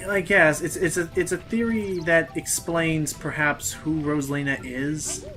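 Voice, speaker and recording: A man's voice: on the high side, steady tone. A man co-commentating on a game, explaining fan theories with frequent restarts. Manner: halting, restarts often while explaining theories. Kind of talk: casual gameplay commentary. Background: game music.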